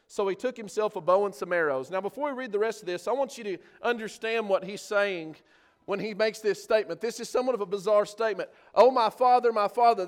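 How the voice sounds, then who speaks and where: A male preacher giving an earnest sermon on a scripture passage, building in force on key points. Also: high voice.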